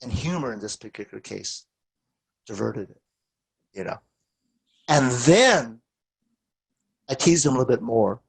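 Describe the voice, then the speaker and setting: A man teaching a therapy workshop, telling lively anecdotes and acting out what people said. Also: measured pace, vocal fry, long pauses, slightly rough. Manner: animated storytelling, acts out quoted lines with big pitch jumps. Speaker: therapist and lecturer.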